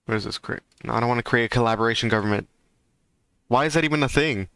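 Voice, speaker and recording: Brief: male streamer, mid-pitched, smooth clear voice, loose ranting delivery. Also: fast talker, a bit bright, no echo. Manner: rambling, ranting, heavy fillers. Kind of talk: casual livestream chat.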